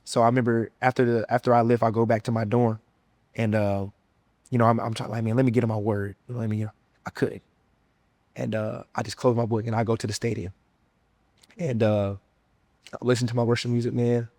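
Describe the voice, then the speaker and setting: A young man with a Southern US accent tells his faith testimony in an earnest, emotional way, with easy casual slang. His voice sits at an ordinary middle pitch. The recording is close and dry, with no room echo. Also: level tone, brisk, long pauses, a little mellow. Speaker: former college football player sharing his testimony. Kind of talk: personal testimony.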